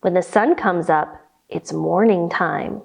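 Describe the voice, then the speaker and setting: A woman leading a children's storytime with yoga instruction, reading aloud in a playful, expressive way. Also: on the low side, gravelly. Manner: animated, playful, slow and expressive.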